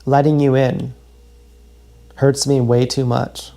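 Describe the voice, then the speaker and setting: A man livestreaming a raw, emotional confessional monologue, halting and repeating his words. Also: medium pitch, little pitch movement, dark tone, faint music behind.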